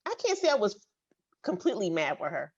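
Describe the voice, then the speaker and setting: A woman in a casual recap chat, weighing things out in a measured way. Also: mid-range voice, wildly swooping pitch, a little mellow, slightly rough, muffled recording.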